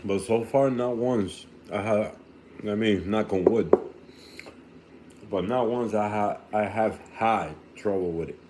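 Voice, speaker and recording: Young guy, low register, rambling casual vlogger with restarts, faint room noise. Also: slow pace. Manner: rambling, restarts often, talks while eating. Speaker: reef tank hobbyist vlogger. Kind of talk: casual vlog talk. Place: home room by an aquarium.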